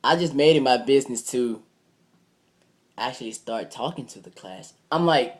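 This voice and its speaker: A man's voice: mid-range voice, animated, moderate pace. A young man vlogging a casual, rambling story, swearing freely and retelling it line by line. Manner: rambling, profane, retells with "I'm like".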